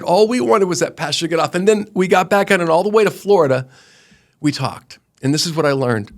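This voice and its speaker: Middle-aged man, raised voice pitch, earnest interview storyteller, lively restarts. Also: a little fast. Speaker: guest, roofing company founder.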